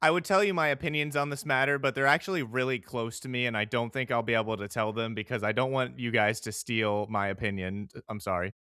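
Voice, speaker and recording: A man co-hosting a podcast about card games, joking and animated in casual chat. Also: medium pitch, a little fast, hardly any pauses, clear, resonant tone, dry recording, studio quality. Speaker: podcast co-host.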